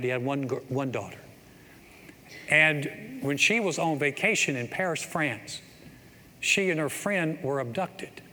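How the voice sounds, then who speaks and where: A middle-aged man preaching a sermon as pastor, telling a story and building to excited exclamations in a church. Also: a little high. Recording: long hall reverb, faint ambience.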